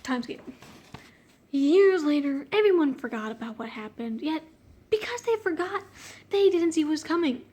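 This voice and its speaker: Reading a story she wrote as a child, this woman speaks in a high, expressive, warm voice at a normal pace. She keeps getting distracted, stopping mid-sentence to poke fun at it with giggly slang and joking commentary.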